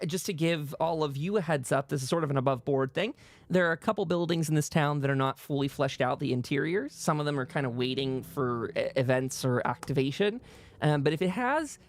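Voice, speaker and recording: A man's voice: on the high side, vocal fry. A man narrating as game master of a tabletop game, rambling along with frequent fillers.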